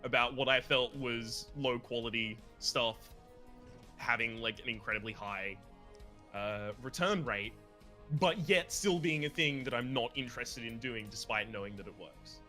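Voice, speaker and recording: A man's voice: mid-range voice, normal speed, bright, forceful tone, soft background music. A man co-hosting a let's play, chatting casually while gaming in a rambling, opinionated way and swearing freely.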